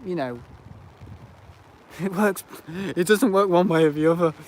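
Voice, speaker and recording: A man's voice: high-pitched, a little slow, darkish tone. A man hosting a casual live stream outdoors at an airport, rambling and aggrieved with many fillers. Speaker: livestream host. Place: outdoors at an airport visitor park. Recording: noisy outdoor stream audio.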